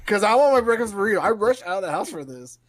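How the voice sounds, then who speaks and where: A man's voice: high voice, fast, no room sound. A man in his thirties, a podcast co-host, telling a story with lots of laughs and acting out the other people in it. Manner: animated storyteller, acts out exchanges, laughs often. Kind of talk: casual chat.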